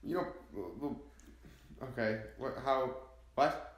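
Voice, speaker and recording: A man's voice: mid-range voice, expressive, slow, a little hiss or hum. Joking male podcast co-host, roomy sound. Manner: leads segments, joking banter. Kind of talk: casual chat. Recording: roomy echo.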